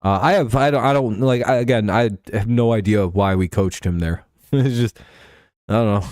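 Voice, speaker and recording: A man's voice: on the low side, moderate pace, darkish tone, dry recording. A man hosting a casual sports commentary show, rambling and profane, laughing often between points. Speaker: show host.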